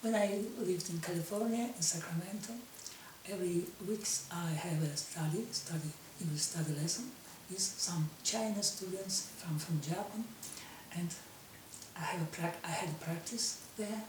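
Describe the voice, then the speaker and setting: A woman in her fifties from Russia with a Russian accent, giving a personal monologue in halting English full of restarts. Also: on the low side, roomy sound, distant mic, background noise. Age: 50s. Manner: halting non-native English, slow, many restarts.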